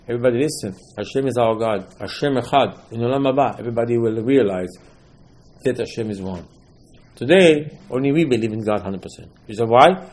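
Speaking English in non-native phrasing, a man delivers a Torah sermon in a medium-pitched, slightly mellow voice. He repeats phrases emphatically and quotes texts in dialogue.

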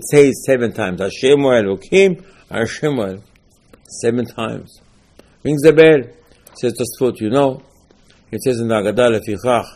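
A man giving an animated Torah class, asking and answering his own rhetorical questions. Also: lowish voice. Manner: animated, rhetorical questions, lively emphatic teaching.

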